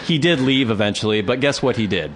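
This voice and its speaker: A man's voice: mid-range voice, fast talker, slight background noise. A man hosting a podcast, telling a story in casual chat with lots of swearing and acted-out quotes. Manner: animated storytelling, acts out quotes, swears a lot. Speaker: podcast host.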